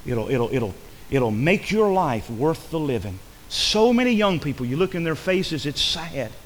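A man's voice: a little high, big pitch swings, measured pace, slight background noise. Folksy preacher man in a reverberant church. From rural upbringing. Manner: preacherly, folksy, repeats phrases, swings from loud to hushed. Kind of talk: sermon. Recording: long hall reverb.

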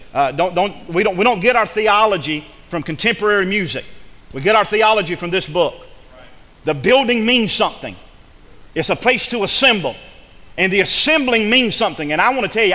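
A man's voice: high voice, animated, a little fast, sharp tone, in a large hall. A male pastor, preaching a fervent sermon full of repeated phrases and restarts.

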